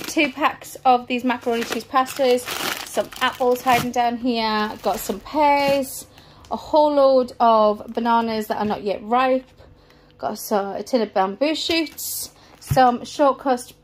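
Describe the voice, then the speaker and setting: A woman's voice: on the high side, a little hiss or hum. A woman, a mother, chatting casually through a grocery haul item by item, a little out of breath. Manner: chatty, rambling item-by-item listing. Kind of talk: casual vlog chat. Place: family home, indoors.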